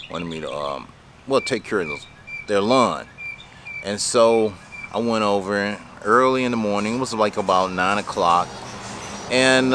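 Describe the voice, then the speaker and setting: A lower-pitched man with a drawl tells a story in a loose, rambling way, full of fillers and easy laughter. Faint outdoor noise sits behind him. He sounds like a small business owner chatting straight to his viewers. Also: sharp tone. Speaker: lawn care business owner. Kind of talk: casual storytelling to camera.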